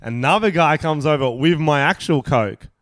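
A young man co-hosting a podcast, telling stories in casual chat, animated and swearing freely with frequent laughs. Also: on the high side, normal speed, dry recording, clean studio sound. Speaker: podcast co-host.

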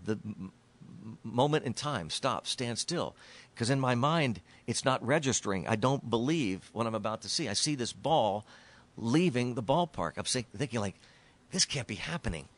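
A middle-aged man with a mid-range voice, the sportscaster guest telling a long story. He talks in an animated way and repeats words as his excitement builds. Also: mid-range voice, moderate pace. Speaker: baseball broadcaster, guest. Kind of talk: storytelling interview.

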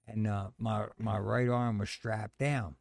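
A middle-aged man telling a personal story in casual chat, animated and acting out the voices of others. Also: on the low side, takes it slowly, vocal fry, no echo, studio quality. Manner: animated storyteller, acts out quoted voices, says "man" a lot.

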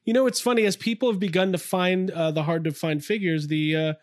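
A man co-hosting a laid-back podcast in a slightly high voice. He rambles, restarts his sentences and laughs easily. The sound is dry and close, with no room in it. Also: fairly even intonation, fairly quick, no room sound. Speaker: podcast co-host. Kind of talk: casual chat.

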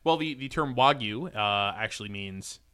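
A man with a bright, forceful voice chats as a podcast co-host. He explains facts in a matter-of-fact way and drops dry jokes between them. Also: fairly low pitch, lively intonation, normal speed, clean tone, no echo. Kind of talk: casual chat.

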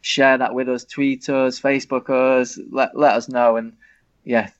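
A man, a podcast guest, asking listeners to share his show in a flat, even way. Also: medium pitch, unhurried, dry recording, muffled recording.

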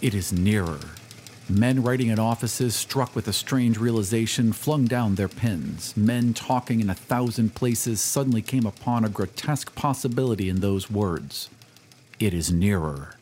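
A man reading a classic story aloud as an audiobook narrator, measured and dramatic. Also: medium pitch, darkish tone, a little hiss or hum. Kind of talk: scripted narration.

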